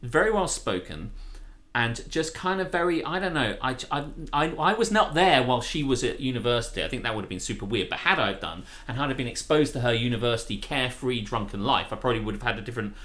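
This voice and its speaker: A man's voice: mid-range voice, fast. A man co-hosting a live-stream chat show, talking casually and jokily, often breaking into silly voices. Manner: animated, jokey, given to silly voices and laughter. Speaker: podcast co-host.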